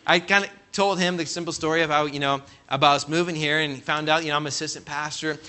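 A man's voice: fairly high pitch, quick pace. A man from California, an assistant pastor, preaching a conversational sermon full of stories and calling out "Amen?" to the congregation. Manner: animated, acts out quoted voices, calls "Amen?" to congregation.

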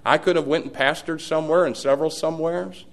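A middle-aged man preaching a sermon as pastor, folksy, swinging from loud peaks to hushed asides. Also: on the high side, fairly even intonation, quick pace.

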